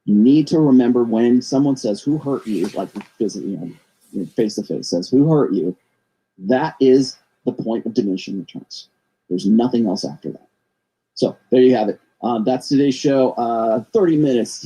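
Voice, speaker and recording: A man's voice: medium pitch, moderate pace, mellow, breathy edge, rough recording. A middle-aged man hosting his own show, talking in a rambling monologue that often repeats and restarts words. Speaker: show host. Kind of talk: casual monologue commentary.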